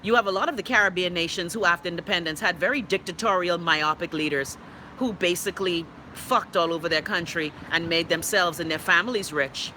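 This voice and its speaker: A middle-aged Bahamian woman hosts a live stream, reacting to viewer comments in a blunt, emphatic and profane way. Her voice is bright and forceful. Faint traffic noise sits in the background. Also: lowish voice, a little fast. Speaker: host.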